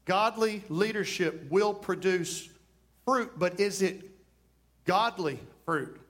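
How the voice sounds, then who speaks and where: A pastor delivers a sermon in a fairly high, lively male voice. He speeds up and slows down as he preaches, leaning on repeated phrases. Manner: animated preaching, varies pace widely.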